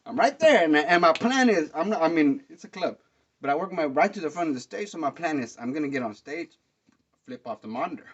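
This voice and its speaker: A man hosts a podcast and tells his own stories in a loose, rambling way, leaning on fillers and slang. He gets excited as he talks, and his voice sits a bit high for a man. The recording sounds dull and lo-fi. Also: fairly quick, breathy edge. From Dallas, Texas. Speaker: podcast host. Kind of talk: casual storytelling monologue.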